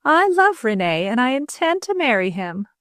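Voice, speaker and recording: Brief: a woman doing an earnest young daughter, nervous yet resolved, her voice lifted high and slowed to a breathless plea. Dry, close audiobook read. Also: sing-song, fairly bright tone, dry recording. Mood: earnest pleading.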